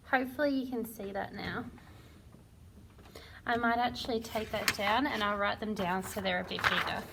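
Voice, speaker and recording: Woman teacher sounding out words slowly. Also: fairly high pitch, gravelly, noisy background. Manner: slow, sounding out words syllable by syllable; encouraging and praising. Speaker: primary school teacher. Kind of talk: phonics lesson for young children.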